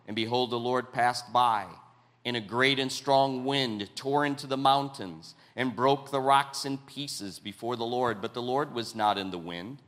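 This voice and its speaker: A man preaching a sermon, reading scripture aloud with dramatic pauses and quiet asides. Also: mid-range voice.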